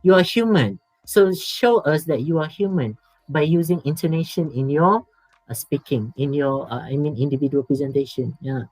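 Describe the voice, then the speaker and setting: A man's voice: a little high, normal speed, no room sound, faint music behind, poor audio. Malaysian man teaching exam speaking skills. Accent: Malaysian English. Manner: repetitive, emphatic, drops to soft asides. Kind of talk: exam preparation lecture. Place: online workshop.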